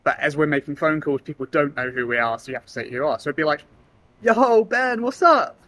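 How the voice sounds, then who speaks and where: A young man giving casual sales advice, now and then acting out phone calls in lively voices. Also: medium pitch, rapid-fire, no room sound. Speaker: sales trainer. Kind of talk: casual talking-head advice.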